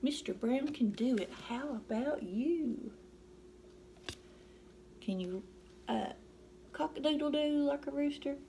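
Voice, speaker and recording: A woman reads a picture book aloud to young children, taking her time over every page. Her voice is mellow, sits a little high and carries a gravelly fry. She plays out the sound effects and keeps coaxing the little ones to join in. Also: takes it slowly, pauses often. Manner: playful, acting out animal and noise sounds; coaxing questions to young listeners. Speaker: storytime reader.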